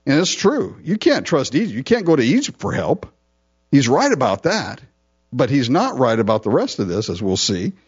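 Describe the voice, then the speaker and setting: A man's voice: medium pitch, huge pitch swings, normal speed, breathy edge. A male pastor teaching a sermon, reading verses and explaining them in a casual, conversational way. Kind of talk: expository sermon. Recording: dull lo-fi recording.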